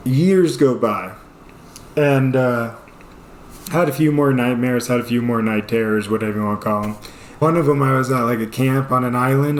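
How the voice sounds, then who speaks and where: A young man telling a casual story about himself, animated, laughing often and acting out his own panicked lines. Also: medium pitch, a little hiss or hum. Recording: echoey room.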